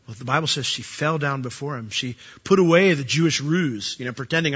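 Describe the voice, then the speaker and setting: A man preaching a sermon as pastor, animated and acting out the voices he quotes. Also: fairly high pitch, fairly quick, husky, muffled recording.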